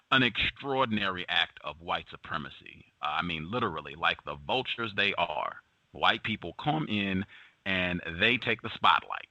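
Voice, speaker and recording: A man hosting a talk show, giving news commentary in a halting way, with many fillers and emphatic repetition. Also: sits low, pushed and bright, no room sound. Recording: dull lo-fi sound.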